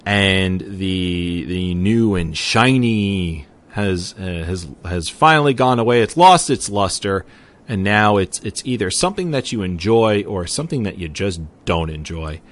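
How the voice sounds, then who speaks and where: A man hosting a gaming podcast, leading the group discussion in an animated way. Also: low-pitched, unhurried. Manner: animated, leads the talk. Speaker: podcast host.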